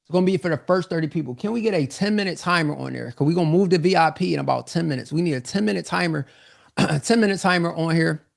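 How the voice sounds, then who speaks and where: Host for a live sales webinar: a man with a slightly raised, gravelly voice, energetic and repetitive, a bit winded. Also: a little high, fast talker. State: slightly out of breath. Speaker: online business coach hosting a live sales webinar.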